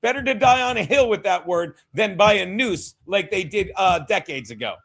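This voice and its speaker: A man hosts a casual watchalong stream and reacts to the game as it happens. His voice sits high for a man. He talks excitably, swears freely and keeps throwing asides to his chat. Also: normal speed, low-quality recording. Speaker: livestream host. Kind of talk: casual sports watchalong commentary.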